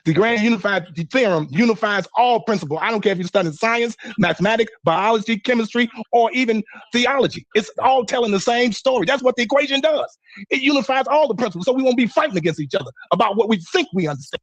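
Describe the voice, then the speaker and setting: A high-pitched man speaks quickly and with certainty, insisting on his ideas as he lectures an online panel. His voice is dry and close, with no room sound around it. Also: expressive, dry recording, lo-fi sound.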